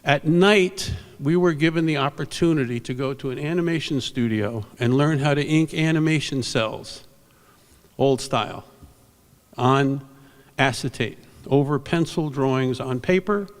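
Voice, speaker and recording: An older man with a gravelly voice tells stories in an award speech from a convention stage. His speech rambles and he acts out quotes, and his voice rings with a long hall echo. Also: mid-range voice, a little slow. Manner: rambling storyteller, animated quotes. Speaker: award presenter. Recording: reverberant hall.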